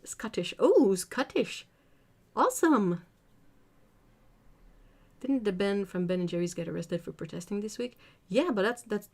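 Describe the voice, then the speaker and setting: A woman's voice: fairly low pitch, darkish tone. A woman from Britain hosting a casual art livestream, reading viewer comments aloud, chatting and laughing often. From United Kingdom.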